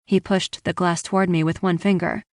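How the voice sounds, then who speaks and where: A woman reading a first-person audiobook in an even, engaged storytelling voice. Her pitch sits on the low side, and the recording is close and dry. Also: normal speed, dry recording. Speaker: audiobook narrator.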